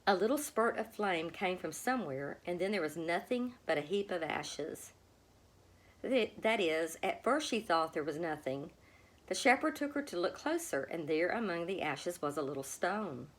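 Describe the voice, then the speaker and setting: A woman reading a children's storybook aloud, with a gentle, expressive manner. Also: fairly low pitch, moderate pace. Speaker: storybook reader. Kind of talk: storybook read-aloud narration.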